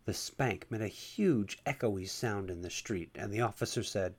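A man reading a first-person erotic story aloud at a steady, unhurried pace. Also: fairly low pitch, slightly rough. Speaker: narrator.

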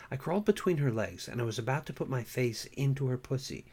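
A man reading his own story aloud, relaxed and wry. His voice sits at an average pitch and he talks in a chatty, easy way. He moves from friendly patter into steady narration. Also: fairly quick, few pauses, husky. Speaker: self-published author reading his story. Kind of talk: casual intro, then story narration.

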